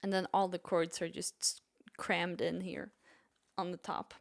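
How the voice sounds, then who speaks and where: A woman's voice: on the low side, flat delivery, measured pace, gravelly, slight background noise. A woman musician chatting casually on her stream in a rambling, self-deprecating way.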